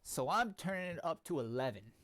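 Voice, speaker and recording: A man voicing a cold, scheming male crime planner in a flat, matter-of-fact read. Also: fairly high pitch, a little fast, voice pushed up. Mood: curt.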